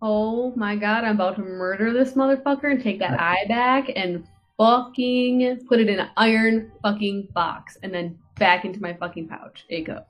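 A woman playing in a tabletop game, excitable and swearing freely. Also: mid-range voice, moderate pace, lo-fi sound. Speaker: player. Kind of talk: casual tabletop game chat.

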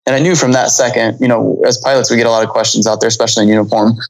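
Fast-talking gravelly man telling a story. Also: mid-range voice, little pitch movement, low-quality recording. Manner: fast, rambling, with many fillers and restarts. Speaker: pilot guest. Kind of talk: casual storytelling interview.

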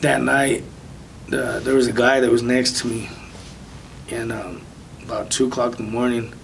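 A man casually recounting a personal story of faith as an interview guest, soft-spoken with light nervous laughs. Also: fairly even intonation, moderate pace, vocal fry. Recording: distant mic with faint low rumble.

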